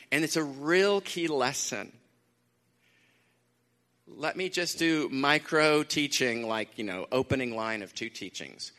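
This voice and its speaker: A man preaching a sermon in a conversational way, repeating phrases for emphasis, with lively asides. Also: mid-range voice, a little slow. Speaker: pastor. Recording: long hall reverb.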